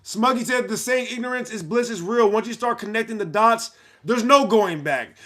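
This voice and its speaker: High-voiced man reading chat live. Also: fairly bright tone, soft background music. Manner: playful, breaks into laughter, quick asides to chat. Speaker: livestream host.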